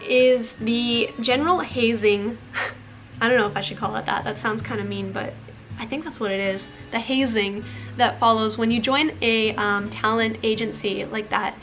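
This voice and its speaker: A woman's voice: a little high, steady tone, moderate pace, fairly bright tone, soft background music. Frank woman vlogging to camera. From Canada. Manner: frank, conversational, frequent "like" fillers. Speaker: YouTuber. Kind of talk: candid talking-to-camera vlog.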